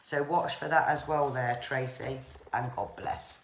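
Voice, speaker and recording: A woman, a psychic medium giving live-streamed card and spirit readings in a gentle, repetitive manner. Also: a bass voice, a little slow. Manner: gentle, repetitive, pads phrases with "here" and "there". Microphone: phone or webcam on a live stream. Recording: roomy echo, faint noise.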